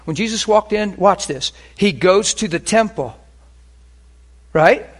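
A man preaching and telling healing stories, swinging between hushed and loud. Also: high voice, expressive, takes it slowly. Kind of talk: sermon with healing testimony.

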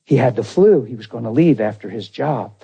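A man's voice: mid-range voice, animated, brisk, creaky, dark tone, breathy edge, dull audio. A man pastor preaching a storytelling sermon in a folksy, conversational way, talking straight to his congregation.

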